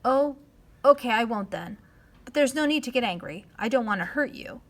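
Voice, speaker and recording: Woman playing an eager young boy, quick, pleading, raised pitch. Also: breathy edge, close to an everyday voice.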